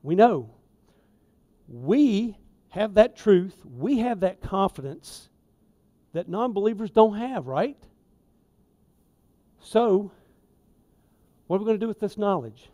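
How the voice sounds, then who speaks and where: A man preaching a sermon in a church, folksy and conversational, with emphatic asides and swings in loudness. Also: sits high, expressive, slow, long pauses. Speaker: lay preacher. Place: church sanctuary.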